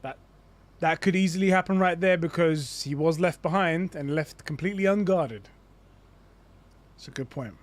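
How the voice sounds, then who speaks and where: A man's voice: a little high, normal speed, long pauses, no room sound. A young adult man chatting casually on a live stream, theorizing in a rambling way with lots of restarts. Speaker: gaming streamer.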